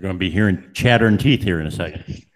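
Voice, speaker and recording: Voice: sits low, fast talker, a little hiss or hum. A caller on a livestream who chats casually and teases the host with sarcastic remarks. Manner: teasing, sarcastic. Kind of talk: casual chat.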